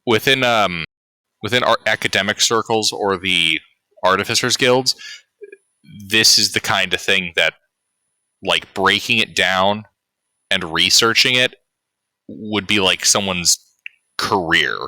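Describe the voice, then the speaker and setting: Male game master, deep voice, very bright and cutting tone, dry close sound, casual and laughing. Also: unhurried, long pauses, no echo. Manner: laid-back, swears casually, laughs often. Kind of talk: narrating a tabletop game.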